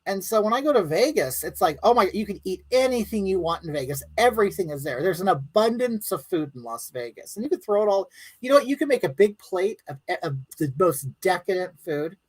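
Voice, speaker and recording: Animated woman rambling on a live stream. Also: mid-range voice, fairly quick, husky, poor audio. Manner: rambling, blunt and crude, talks straight to viewers. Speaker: livestream host reading viewer comments. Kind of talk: casual live-stream chat.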